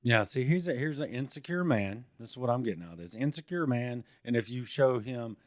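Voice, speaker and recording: A man's voice: medium pitch, lively intonation, fairly quick, dry recording, studio quality. Blunt, profane podcast co-host man. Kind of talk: casual true crime chat.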